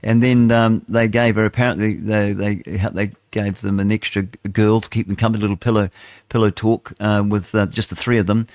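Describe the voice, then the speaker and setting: A man's voice: lowish voice, level tone, a little fast, a little mellow, no room sound, clean studio sound. A middle-aged man with a New Zealand accent, hosting an opinionated talk radio show in a rambling, conversational way full of asides. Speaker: radio host.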